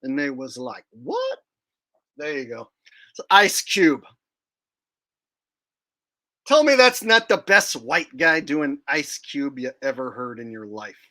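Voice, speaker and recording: A man's voice: fairly high pitch, animated, slow pace, pauses often, bright, forceful tone. A man hosting a casual livestream, joking brashly with viewers and cursing freely. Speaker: livestream host.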